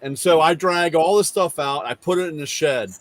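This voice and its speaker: A middle-aged man hosts a casual conversation, rambling through a garage tale and acting out both speakers with quoted lines in an animated retelling. His voice runs on the high side at a moderate pace, with no echo.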